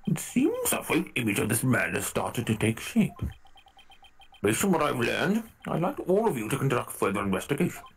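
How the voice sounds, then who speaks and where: A man voicing a stern elderly male judge, reading game dialogue aloud in a formal, measured way. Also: medium pitch, creaky, husky, full character voice, low-quality recording. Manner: formal, measured courtroom delivery.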